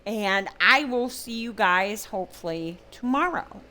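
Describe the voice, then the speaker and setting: A woman's voice: medium pitch, animated, unhurried, sharp tone. An older woman hosting a gaming video, telling a rambling folksy story over her gameplay. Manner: rambling, folksy, chatty with many fillers. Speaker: gaming channel host. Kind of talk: casual gameplay commentary with storytelling.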